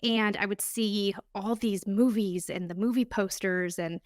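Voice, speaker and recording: A woman in her thirties talks alone into a close podcast mic, earnest and candid and ready to show her feelings. Her voice sits at an ordinary middle pitch. The room adds no echo, so the sound is dry and close. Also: fairly even intonation, a little slow, few pauses. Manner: earnest, candid, openly emotional storytelling. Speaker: podcast host. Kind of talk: solo podcast monologue.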